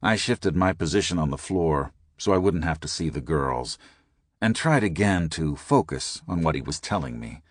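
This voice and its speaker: A man narrating an audiobook in a deep, measured voice. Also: animated, no room sound, clean studio sound. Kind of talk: scripted narration.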